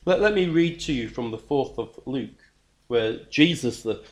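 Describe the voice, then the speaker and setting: A man's voice: mid-range voice, expressive, unhurried. A man preaching a sermon, earnest and emphatic, repeating words as he builds his points.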